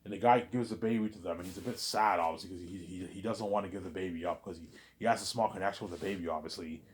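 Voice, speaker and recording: A man's voice: deep voice, quick pace. A man casually retelling a story in a rambling way, repeating words and often adding fillers.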